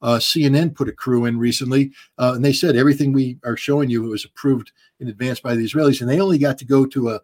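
A man in a mid-pitched voice gives blunt answers in an interview. He keeps doubling up words and dropping in "um"s while he hunts for the next phrase. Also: steady tone, quick pace, few pauses, a little mellow. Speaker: guest commentator.

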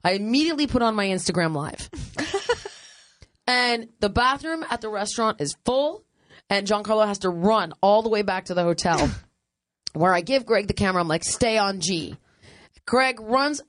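Brief: woman podcast host, lively storyteller who laughs a lot, dry close mic. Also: mid-range voice, dry recording. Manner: animated, laughs often, acts out others' lines. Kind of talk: casual storytelling chat.

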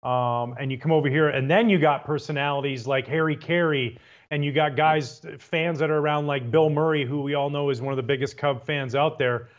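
A man's voice: on the high side, fairly even intonation, a little fast, hardly any pauses. A man hosting a casual interview, eager and rambling through his questions, often repeating words. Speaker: podcast host, former pitcher. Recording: dull lo-fi sound.

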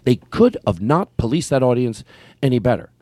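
A man, a comedian and podcast host, telling a story in casual chat, animated, swearing and acting out his own lines. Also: mid-range voice, moderate pace, breathy edge, dry recording.

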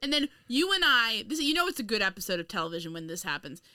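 A woman's voice: medium pitch, very animated, fast, sharp tone, clean tone, no echo, clean studio sound. A woman co-hosting a podcast, chatting casually and sarcastically, laughing often. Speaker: podcast co-host. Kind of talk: casual comedic chat.

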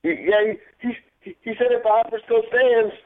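A man's voice: very high-pitched, little pitch movement, brisk. A man calling in to a radio show, feeling a little sick and talking hesitantly with stammers. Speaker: caller. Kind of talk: phone call to a radio show. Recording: tinny phone line.

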